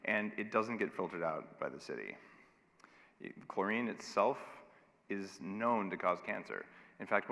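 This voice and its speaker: A man delivers a conference keynote in a lowish, bright and forceful voice. He sounds emphatic and wry. His words ring out with a long reverb in a large hall. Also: gravelly. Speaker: keynote speaker.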